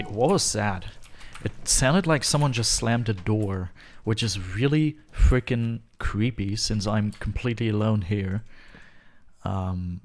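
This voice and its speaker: A man live-streaming a game from his home, rambling and joking to his chat with frequent chuckles. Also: fairly low pitch. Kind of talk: live gaming stream chatter. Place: home room, alone.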